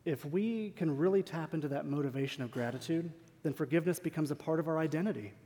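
A man's voice: a little high, quick pace, warm tone. A man preaching a sermon in a church, earnest and emphatic, asking rhetorical questions of the congregation. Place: church sanctuary. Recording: long hall reverb.

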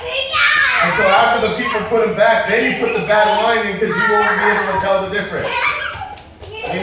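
Man preaching, high voice, joking asides, very echoey, far from the mic. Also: noisy background. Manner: lively, joking asides to the congregation. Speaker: pastor. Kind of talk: sermon.

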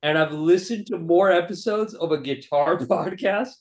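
A man's voice: on the high side, normal speed. A young man chatting as a podcast guest, teasing and full of fillers. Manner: teasing, many fillers like 'like' and 'bro'. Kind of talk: casual podcast banter.

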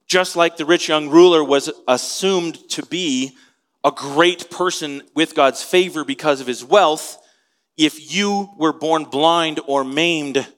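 A man's voice: a little high, a bit bright. A man preaching an expository sermon in a conversational way, asking his listeners questions as he teaches. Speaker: pastor.

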